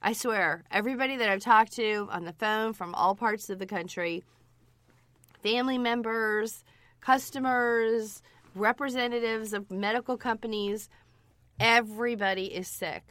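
Female nurse co-host, hoarse with a cold, relaxed and chatty, dry booth. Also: fairly high pitch, measured pace, no room sound. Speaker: podcast co-host, nurse practitioner. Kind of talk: casual podcast chat.

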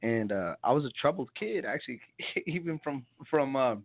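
A man's voice: medium pitch, lively intonation, normal speed. A young man from New Jersey, a songwriter guest telling his story in rambling, laughing casual chat full of restarts. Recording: tinny phone-like sound.

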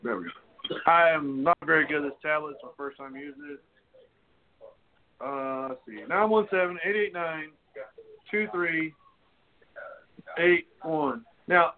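A man hosting a casual radio show, talking in a loose, joking, rambling way. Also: fairly high pitch. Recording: tinny phone-like audio.

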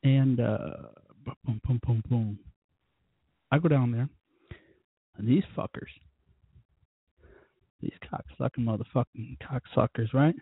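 A man hosts his own talk show, drinking as he rambles through a crude, profanity-laced story. His voice is husky, and the recording is dry and narrow, like a phone line. He sounds loose and a little wasted. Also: medium pitch, slow pace, long pauses, dry recording. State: tipsy from drinking. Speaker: podcast host. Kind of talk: casual rambling monologue.

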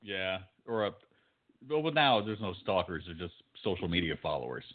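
A man's voice: low voice, sing-song, moderate pace. A man co-hosting a podcast in casual chat, dry and profane, reading lookups aloud. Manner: dry, swearing, reads search results aloud. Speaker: podcast co-host. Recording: phone-like narrow sound.

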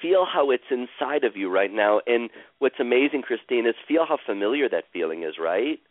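Man chanting calm affirmations over a phone line. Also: mid-range voice, dry recording. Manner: slow, soothing, repeats phrases like a chant. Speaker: host guiding a caller through emotional healing. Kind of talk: guided therapeutic session. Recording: tinny phone-line sound, dry.

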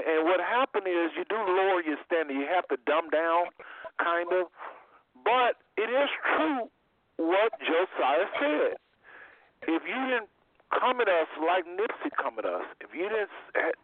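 A man hosting a casual call-in radio talk show, speaking in an animated way and repeating phrases for emphasis. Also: high voice. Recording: tinny phone line.

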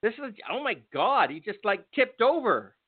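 Swearing freely, a man hosting a football show vents angry, sarcastic sports rants. He speaks high and husky at a moderate pace with a sing-song lilt, over tinny phone-style audio lacking any room sound.

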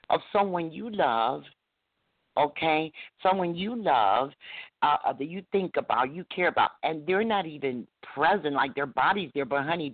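A woman guest on a talk show, sharing a personal story in a halting way, often repeating herself. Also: low voice, no echo. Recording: tinny phone line.

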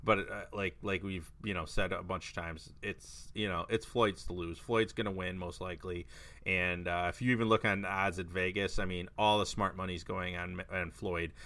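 A man hosting a casual sports podcast, steering the talk with steady, emphatic remarks. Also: low voice, normal speed. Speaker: podcast host. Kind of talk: casual chat.

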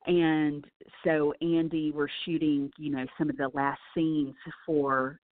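A woman with a deep voice, taking her time, tells stories eagerly in a casual interview. She works as a snake wrangler and wildlife handler on film sets and is an enthusiastic, animated storyteller. The audio is tinny and dry, like a phone line.

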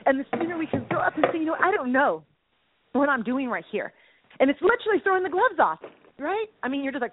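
A woman co-hosting a faith chat, bubbly and quick to burst into laughter as she acts out lines. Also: sits high, very animated, background noise. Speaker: podcast co-host. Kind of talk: casual chat about faith. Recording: tinny phone-like line.

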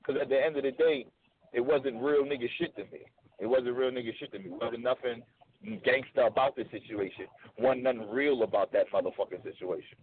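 A man's voice: mid-range voice, a little fast. A man guesting on a radio show, telling his side in a blunt, emphatic way and repeating points for stress. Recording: phone-like narrow sound.

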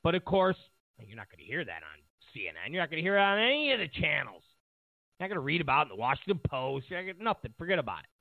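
Mocking political rant guy, higher voice that jumps all over, sounds like a phone line. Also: racing, vocal fry, no room sound. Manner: animated, sarcastic, mocking. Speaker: political commentator. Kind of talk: opinionated political monologue.

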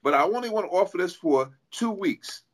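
A man's voice: sits high, animated, fairly quick. A man with a New York accent, a fitness coach talking as a guest in an interview, earnest and explaining things step by step with frequent restarts. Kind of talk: casual interview talk.

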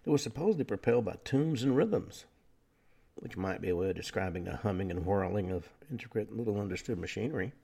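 A man hosting a talk radio show, delivering a lecturing monologue with frequent pauses and fillers. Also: on the low side, animated, vocal fry, warm tone, slightly rough.

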